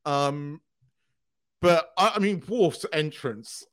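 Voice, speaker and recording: A man co-hosting a podcast in casual chat, excitable, swearing freely and laughing often. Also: high voice, slow pace, dry recording. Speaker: podcast co-host.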